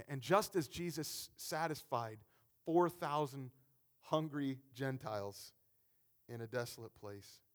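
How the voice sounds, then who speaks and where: A man preaching a sermon, animated, often repeating words and acting out the people he quotes. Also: medium pitch.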